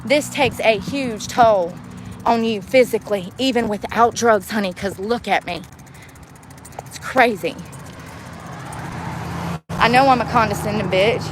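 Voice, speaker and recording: A woman's voice: mid-range voice, measured pace, long pauses. A woman vlogging about being homeless, ranting bluntly with a mouthy, profane way of talking, outdoors and in a car. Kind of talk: ranting vlog. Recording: outdoor street and traffic noise.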